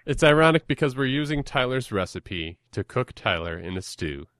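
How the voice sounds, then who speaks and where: A man's voice: medium pitch, big pitch swings, moderate pace, a bit bright, no room sound, clean studio sound. A young man hosting a podcast in casual, self-deprecating chat, rambling and often laughing. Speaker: podcast host.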